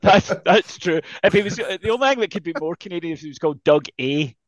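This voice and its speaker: A man's voice: high-pitched, expressive, quick pace, no room sound. A man co-hosting a casual chat, telling rambling stories with plenty of swearing. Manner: profane, rambling storyteller. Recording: dull lo-fi sound.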